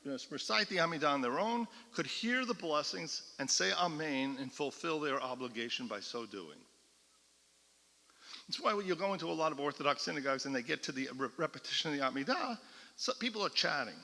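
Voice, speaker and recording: Speaking in a slightly high, pushed and bright voice, a male cantor lectures explanatorily to a class, frequently checking that listeners are following. The setting is a synagogue classroom or hall, and the sound has a long reverb.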